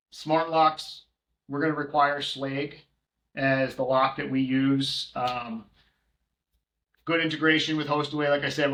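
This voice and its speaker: A man in casual podcast conversation, working through lists with plenty of ums and restarts. His voice sits at a middle pitch. The room around him adds a noticeable echo. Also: fairly bright tone. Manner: rambling, many filler ums, listing prices. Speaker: co-host, short-term rental manager. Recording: roomy echo.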